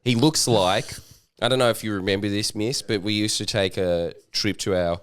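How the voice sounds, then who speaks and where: A man's voice: fairly low pitch, steady tone, normal speed, a bit bright, clean tone. An Australian man, a comedian guest on a podcast, chatting casually and animatedly, laughing and swearing freely.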